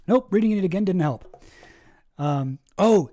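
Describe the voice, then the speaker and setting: A man's voice: high voice, sing-song, fast, mellow. A young Canadian man with a Canadian accent, chatting casually on a live stream and answering his chat, rambling with lots of fillers and restarts.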